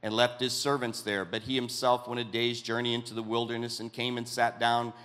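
A man preaching a sermon, reading scripture aloud with dramatic pauses and quiet asides. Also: mid-range voice, little pitch movement.

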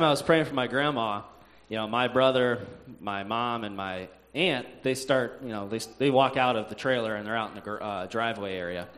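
A man telling a personal faith story in a halting way, with frequent "uh"s, sighs and restarts. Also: mid-range voice, a bit bright.

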